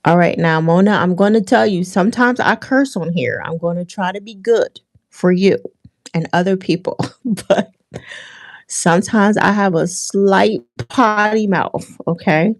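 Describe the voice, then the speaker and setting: A woman's voice: medium pitch, a little slow, no room sound, studio quality. A woman hosting a casual livestream, chatting with viewers in a rambling way with many restarts and fillers. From Philadelphia area. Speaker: livestream host.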